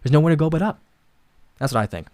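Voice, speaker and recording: Fast-talking, rambling podcast host man. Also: fairly high pitch, animated, a little mellow, no room sound. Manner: rambling, profane, earnest. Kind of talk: casual podcast chat.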